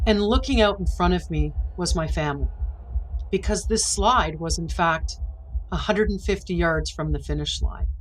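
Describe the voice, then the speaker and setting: A woman's voice: fairly low pitch, normal speed, a little hiss or hum, low-quality recording. A middle-aged woman from Canada, a podcast guest vividly and emotionally retelling a personal story.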